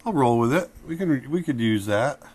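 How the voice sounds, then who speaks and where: A middle-aged man leads a drawing tutorial while he sketches, talking in a relaxed, conversational way at a mid pitch. He breaks into short acted-out exclamations to show the emotions he is drawing. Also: moderate pace, breathy edge. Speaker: drawing instructor.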